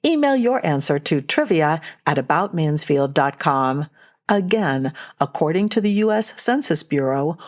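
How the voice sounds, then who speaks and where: A woman co-hosting a local news podcast, reading a trivia question in a clear, measured way. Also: sits low, very animated. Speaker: podcast co-host.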